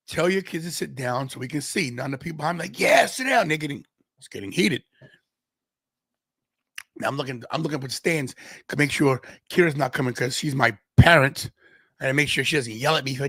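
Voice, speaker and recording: A fairly high-voiced man from Brooklyn, tells a story on his podcast. He acts out the other people's lines in quick voices. The sound is close and dry. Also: fairly bright tone, dry recording. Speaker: podcast host.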